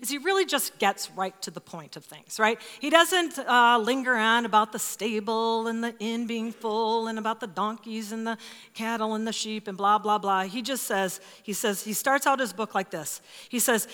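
Woman pastor, 50s, emphatic sermon delivery, slightly high pitch, reverberant hall. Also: moderate pace. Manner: expressive, emphatic, dropping to hushed asides. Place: church.

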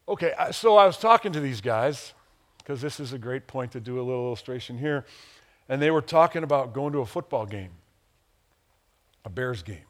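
A male pastor from the Chicago area preaching a sermon, animated and playful, acting out quotes and chuckling at his own asides. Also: a little fast. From Chicago area, USA. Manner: animated, acts out quotes with big pitch jumps.

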